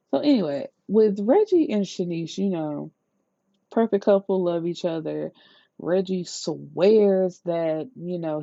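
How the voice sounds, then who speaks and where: A woman reviewing a book in a casual rant, retelling the plot in an incredulous, profane, lively way. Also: on the low side, dry recording. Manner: incredulous, profane, animated storytelling. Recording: slightly dull lo-fi sound, dry.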